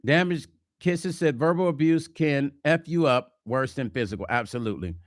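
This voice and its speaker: A man's voice: a little high, normal speed, no room sound. Chatty man with a dry close sound. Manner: chatty, animated, slips into mock quotes. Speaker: vlog host. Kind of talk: casual livestream chat reading comments.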